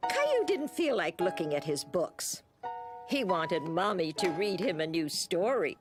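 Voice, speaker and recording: Storybook cartoon narrator, music underneath. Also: female voice, on the low side, very animated, unhurried. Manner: warm, simple storytelling. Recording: loud children's music behind.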